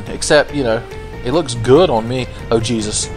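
A man's voice: mid-range voice, animated, moderate pace, over music. A man giving casual, profane, sarcastic commentary while playing a video game. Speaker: gameplay commentator. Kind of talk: casual let's-play commentary.

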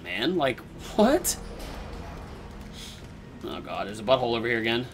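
A man playing a horror game and talking through it, swearing, rambling in confusion and yelling when startled. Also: medium pitch, huge pitch swings, normal speed, pauses often, slight background noise. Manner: jumpy, swears a lot, yells when startled. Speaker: let's play gamer.

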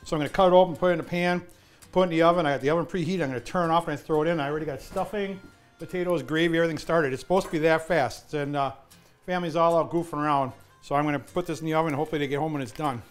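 In his home kitchen, a man cooks and talks casually to the camera during a sponsor segment, chatting and frequently addressing viewers. His fairly high voice stays fairly even in intonation and comes out rapid-fire, with faint music in the background.

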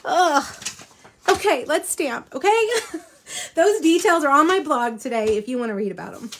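A woman's voice: high voice, animated, normal speed, a little hiss or hum. A woman hosting a weekly live crafting show, chatting casually and rambling with many ums and restarts. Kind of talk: casual live-stream chat. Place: home in South Texas.

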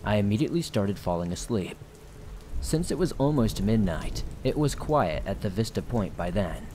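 A low-voiced man narrates horror stories for his podcast, reading in a casual, conversational way. Faint rain patters in the background. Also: animated, normal speed, a little mellow, slight background noise. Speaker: horror story podcast host. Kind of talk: scripted horror story narration.

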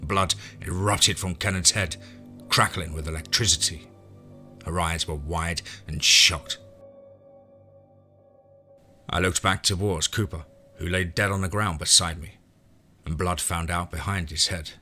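A man reading a western horror story aloud in first person, steady and dramatic. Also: low voice, moderate pace, faint music behind. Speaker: narrator.

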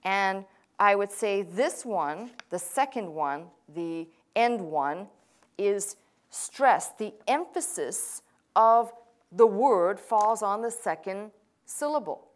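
A woman's voice: mid-range voice, lively intonation, slow pace. A woman teaching a language class as a pastor, in a mid-range voice. She walks through each point patiently and methodically. She drops in casual, self-deprecating asides along the way. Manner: patient, explaining step by step with asides.

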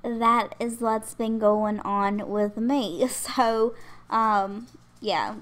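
A woman's voice: mid-range voice, steady tone, takes it slowly. A young pregnant woman hosting her channel, chatting casually in a rambling voice-over with frequent laughter. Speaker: channel host. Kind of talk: casual voice-over chat over a game build.

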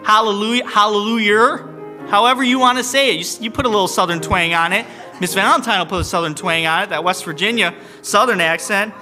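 A man hosting a church service as song leader, making announcements in a playful, teasing way with quick joking asides. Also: high voice, sharp tone, soft background music. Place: church sanctuary, streamed online.

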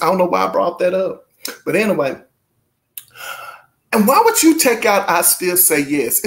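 A man hosting his channel, chatting casually with viewers and reading aloud from a book with lively asides. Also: high voice. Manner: animated, urging and exclaiming. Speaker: channel host.

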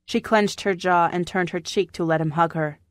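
Low-voiced woman narrating an audiobook. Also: steady tone, normal speed, dry recording, clean studio sound. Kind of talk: scripted narration. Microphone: studio microphone.

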